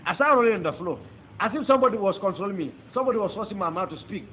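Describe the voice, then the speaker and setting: Speaking very quickly with a high pitch and lively intonation, a Nigerian-accented male preacher delivers a fervent testimony sermon that rises into emphatic exclamations. Faint noise accompanies the tinny, phone-like recording.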